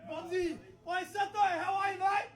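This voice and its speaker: A squeaky broad Aussie bloke. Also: male voice, fairly even intonation. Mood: matey, cheery. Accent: broad Australian. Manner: laughing, matey, drawn-out. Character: cheery broad-talking male Aussie bloke.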